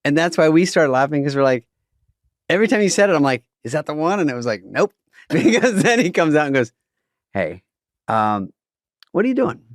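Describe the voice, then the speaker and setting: A man in a casual podcast chat, lively and laughing as he backs up the story. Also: a little high, fast, dry recording, clean studio sound.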